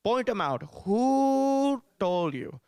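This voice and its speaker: A woman's voice: lowish voice, lively intonation, moderate pace, clear, resonant tone, voice pushed up, lightly acted. A man voicing his bossy Indian mother with an Indian accent. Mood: furious.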